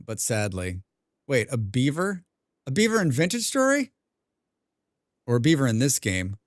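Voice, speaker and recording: A young man streaming a game, chatting casually with his viewers, rambling and clearing his throat often. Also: medium pitch, darkish tone, no room sound, studio quality. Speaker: gaming livestreamer. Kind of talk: casual livestream chat while playing.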